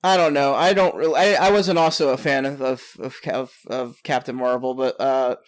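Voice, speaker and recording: A man's voice: medium pitch, steady tone, moderate pace. A man co-hosting a casual podcast, joking and laughing often. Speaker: podcast co-host.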